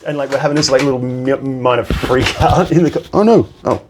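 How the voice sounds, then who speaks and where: A man with a mid-range voice talks a little fast over some background noise. He's a bartender appearing as a podcast guest, casually telling animated stories, swearing, and acting out the people he quotes.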